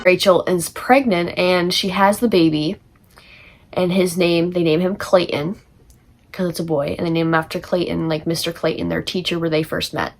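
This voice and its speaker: A woman's voice: on the low side, steady tone, normal speed, soft background music. A teenage girl giving a casual, chatty book summary for a class project, full of fillers and laughter. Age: teens. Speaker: student.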